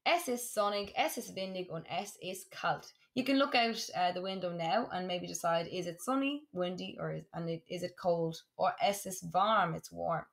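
A woman teaching a German lesson, saying words slowly and clearly and repeating them for practice. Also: fairly low pitch. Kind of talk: classroom lesson for students.

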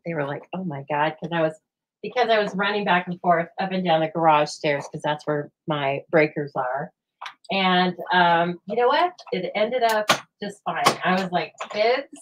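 A woman hosting a live stamping show from home, chatting and telling stories in an animated, rambling way. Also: on the low side, low-quality recording. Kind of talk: chatty live crafting demo. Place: home craft room.

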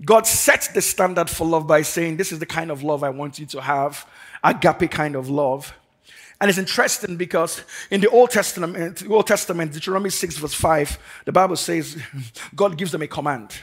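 A man's voice: a little high, moderate pace, a bit bright, breathy edge. A man preaching a sermon to a congregation as pastor, emphatic and fervent, leading the people in call and response. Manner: emphatic, building to fervent declarations. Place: church service before a congregation.

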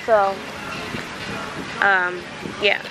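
A woman's voice: medium pitch, flat delivery, extremely slow. A woman travel vlogger chatting casually on camera, rambling with fillers and losing her voice. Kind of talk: casual vlog narration. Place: outdoors on a busy city street and beach. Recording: loud outdoor street noise. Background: loud city traffic and street noise.

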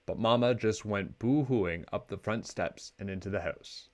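In a fairly low voice and at a moderate pace, a man expressively narrates a children's picture book as he reads it aloud.

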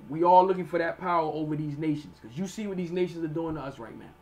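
Man, high voice, sermon teaching, slow verse reading, plain explanations, keeps checking in with listeners. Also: darkish tone. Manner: reads verses slowly then explains in plain street talk; repeats "all right?" to check on listeners.

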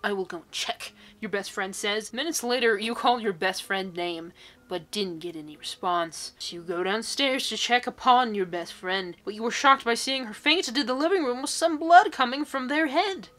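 Young woman youtuber reading posts out loud, sarcastic, bright voice. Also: on the high side, moderate pace. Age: 20s. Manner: sarcastic, with incredulous outbursts. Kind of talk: reading and reacting to social media posts.

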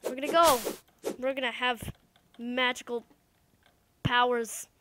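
A woman giving casual, excitable let's-play commentary, talking to the game's creatures and repeating words as she plays. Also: on the high side, measured pace, a little hiss or hum. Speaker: gamer.

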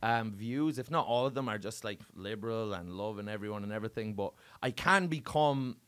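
An Irish man, a stand-up comedian, chatting casually as a podcast guest and telling lively, profane stories. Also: lowish voice, a little fast, smooth. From Ireland. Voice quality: lively, animated storyteller, swears freely. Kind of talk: casual chat, comic storytelling.

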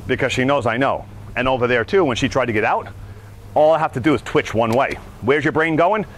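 A male dog trainer teaching a class outdoors, animated and often checking in with "right?". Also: mid-range voice, fast, a little hiss or hum. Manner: animated, acts out dogs' thoughts, keeps asking "right?".

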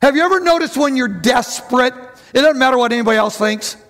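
A man preaching a lively sermon to his church, who acts out the voices of bible figures and calls out to the congregation. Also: extremely high pitch, fast talker. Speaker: pastor.

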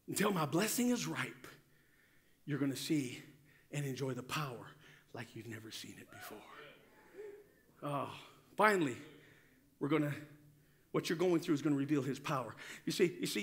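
A man preaching a sermon as pastor, fervent, drawing call-and-response from the congregation. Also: a little high.

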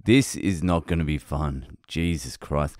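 A man's voice: a bass voice, unhurried, a little mellow, no echo, studio quality. A man in his thirties, a comedian hosting a solo podcast monologue in a profane, exasperated ranting manner.

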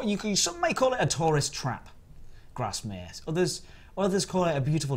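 A man's voice: medium pitch, slight background noise. A man chatting and joking on a live stream as he reviews biscuits, rambling with restarts. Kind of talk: casual live-stream chat.

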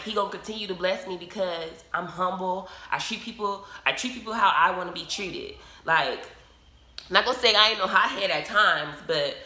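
Animated woman telling a story, roomy echo. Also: lowish voice. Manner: animated, emotional, acts out quoted dialogue. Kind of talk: casual storytime monologue.

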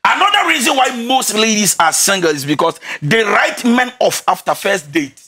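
A man giving relationship advice on a talk show, lively and laughing often as he switches between English and a local language. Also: high voice, moderate pace. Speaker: relationship counselor.

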